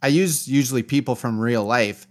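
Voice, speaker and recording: Podcast co-host, easygoing storyteller, mid-range voice. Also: male voice, medium pitch, normal speed. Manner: relaxed, anecdotal. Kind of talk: casual podcast chat.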